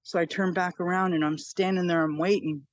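A woman's voice: on the low side, fairly even intonation, fairly quick, dry recording, highs cut off. Earnest middle-aged woman telling her story. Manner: earnest, repeats phrases for emphasis. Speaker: guest. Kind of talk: personal storytelling in an interview.

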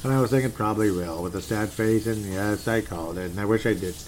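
A man's voice: fairly low pitch, quick pace, a little mellow, a little hiss or hum. A man ranting in a casual, rambling way about his team's game, reading posts aloud and sounding fed up. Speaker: sports fan commentator. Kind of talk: casual solo sports rant.

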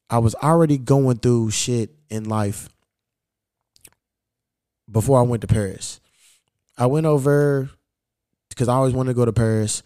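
Podcast host, male, casual and profane storyteller, mellow dark voice, dry close sound. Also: medium pitch, dry recording. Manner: profane, rambling, animated when retelling.

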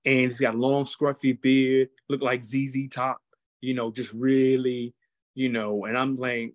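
A male chaplain tells a testimony with lively, preacherly energy, stopping to act out each quote. His pitch sits in the middle range. The sound is dry and close, with no room echo. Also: measured pace. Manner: animated, acts out quotes, preacherly asides. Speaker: football team chaplain. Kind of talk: testimony storytelling.

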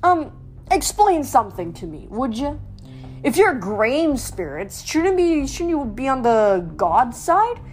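A woman's voice: high-pitched, sing-song, slow pace, soft background music, pitched above the performer's own voice, exaggerated voice. Brief: woman reading as a wary, clever teen girl, careful and probing, storybook reading. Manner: cautious, probing questions.

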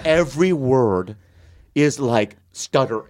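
A man in a podcast studio, storytelling with lively, stammering delivery. His pitch rises and falls widely as he acts out each moment. Casual, loose talk. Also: fairly quick. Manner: animated, stammering restarts. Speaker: comedian guest.

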